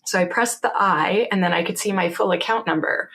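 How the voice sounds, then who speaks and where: A Canadian woman in her forties, a guest in an interview, telling stories in a lively way, laughing often and wryly quoting herself. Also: on the low side, a little fast. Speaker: guest, security author. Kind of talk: casual interview storytelling.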